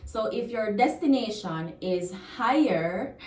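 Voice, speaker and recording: A woman's voice: mid-range voice, lively intonation, slow, darkish tone, roomy sound, far from the mic. A woman from Jamaica with a Jamaican accent, teaching a language lesson and patiently repeating example phrases.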